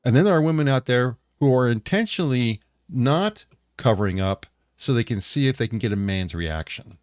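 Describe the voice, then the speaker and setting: A man's voice: mid-range voice, animated, normal speed, a little mellow, clear, resonant tone, dry recording, clean studio sound. A man co-hosting an online talk show, chatting casually in a rambling, jokey way and greeting viewers in chat. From United States. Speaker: podcast co-host.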